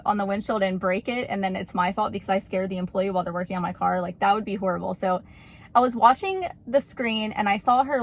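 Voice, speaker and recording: Chatty woman telling a funny story. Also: mid-range voice. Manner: chatty, rambling, full of "like" fillers. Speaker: YouTuber. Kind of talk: casual storytelling vlog.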